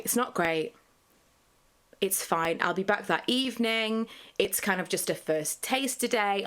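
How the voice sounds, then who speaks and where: A woman's voice: on the low side, a bit bright. A woman, talking candidly in a personal vlog, rambling with many fillers. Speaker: vlogger.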